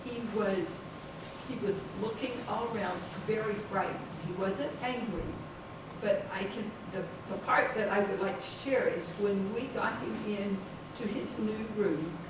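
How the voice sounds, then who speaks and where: A woman's voice: medium pitch, measured pace. A woman in the audience sharing a personal story, hesitating and restarting often. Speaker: audience member. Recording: echoey room, far from mic, background noise.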